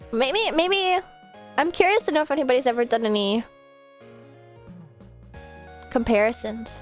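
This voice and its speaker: A woman VTuber streaming from her home setup, chatting casually, rambling and swearing now and then, with a desk mic set a bit far off. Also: on the high side. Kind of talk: casual live-stream chat.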